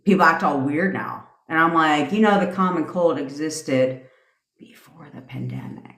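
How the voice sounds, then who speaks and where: A woman's voice: deep voice, normal speed, fairly bright tone, reverberant. A woman hosting a casual live stream as a manifestation coach, ranting in a brash, profane way and laughing through her tangents.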